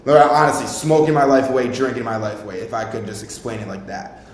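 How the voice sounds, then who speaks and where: A man's voice: little pitch movement, a little fast. A young man in his twenties, a podcast host telling a rambling, informal personal story and swearing freely. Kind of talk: casual storytelling. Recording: very echoey room, faint rumble.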